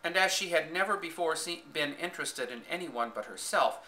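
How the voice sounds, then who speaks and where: Expressive male audiobook narrator. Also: a little high, normal speed, low-quality recording. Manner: expressive storytelling, voicing characters. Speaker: audiobook reader. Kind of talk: scripted narration.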